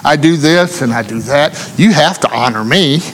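Brief: preacher doing a self-righteous, boastful Pharisee, higher-pitched, with a long hall reverb. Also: male voice, animated, normal speed, fairly bright tone. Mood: smug. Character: proud, arrogant male Pharisee praying boastfully.

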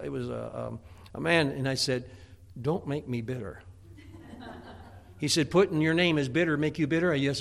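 A middle-aged male pastor delivers a sermon with a gravelly, rough-edged voice. His pitch sits a little high for a man. He speaks in a folksy, homespun way, stumbling into repeated words before pushing on. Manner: folksy, repetitive, stammering restarts.

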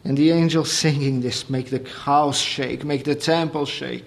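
A man preaching a sermon, explaining calmly and then building to raised, emphatic delivery. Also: medium pitch, a little slow, vocal fry.

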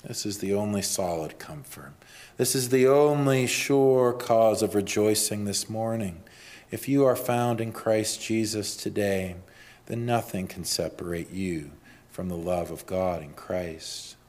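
A man preaching a sermon. He builds to loud emphatic peaks, then drops low and quiet, and reads scripture and creeds in a measured cadence.

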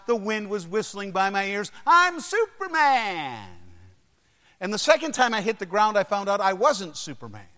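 A man preaching a sermon, telling personal stories emphatically with dramatic pauses and acted-out voices. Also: high voice, bright, forceful tone. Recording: long hall reverb.

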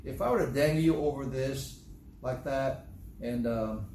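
A man's voice: a little high, sing-song, normal speed, echoey room. A man preaching a sermon, driving his point with emphatic rhetorical questions.

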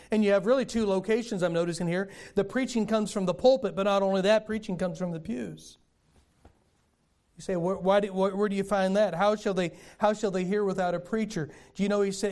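An older man preaching a sermon in a folksy storytelling way, with sudden loud bursts. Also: high voice. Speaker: pastor.

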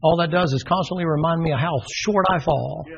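A husky, somewhat high-voiced man with a drawl preaches with vivid, dramatic storytelling. The recording sounds dull and lo-fi. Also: a little fast. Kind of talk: sermon.

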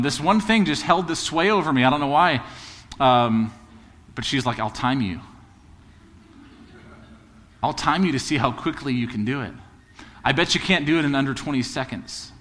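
A man's voice: medium pitch, fairly bright tone, long reverb tail. A man preaching a sermon as a pastor, moving from casual storytelling into emphatic, building preaching.

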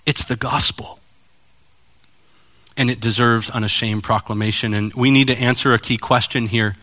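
A man's voice: medium pitch, normal speed. A man preaching a sermon as pastor, direct and challenging, acting out voices as he tells stories. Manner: animated storytelling, acting out voices.

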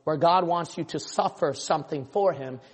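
Male pastor, impassioned sermon, high voice, long church reverb. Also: normal speed, breathy edge. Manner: impassioned preaching, voicing imagined listeners.

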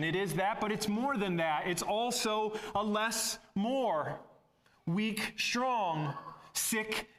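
A male preacher delivers a sermon in an earnest, exhorting way and addresses the congregation as beloved. His voice is high and his pace is slow and deliberate. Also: a bit bright.

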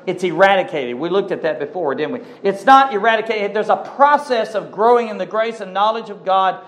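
A man preaching a sermon, reading scripture aloud and commenting on it in an emphatic, animated way. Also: high voice. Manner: animated, emphatic, addresses congregation as folks. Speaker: pastor.

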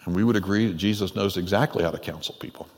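A man pastor preaching a conversational, animated sermon in a church, with frequent laughs. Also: deep voice, fast. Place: church sanctuary. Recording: long reverb in a church hall.

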